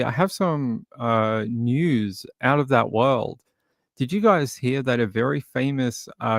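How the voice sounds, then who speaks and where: A man hosting a casual live stream, rambling and halting as he greets viewers by name. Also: medium pitch, gravelly, no room sound, studio quality.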